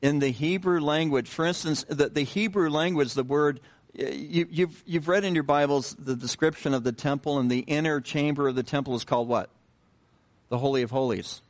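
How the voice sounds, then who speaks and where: A man preaching a sermon in a conversational way, pausing with fillers and restarting his sentences, and asking the listeners questions. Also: on the high side. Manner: unhurried, repeats himself with many fillers and restarts; conversational, asks the congregation questions. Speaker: pastor.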